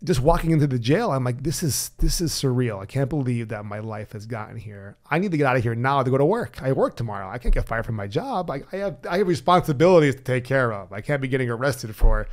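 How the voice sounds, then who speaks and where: A man's voice: mid-range voice, expressive, fast talker, few pauses. A man guest on a podcast telling his own story bluntly and animatedly, swearing freely and acting out remembered dialogue. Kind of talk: candid personal storytelling.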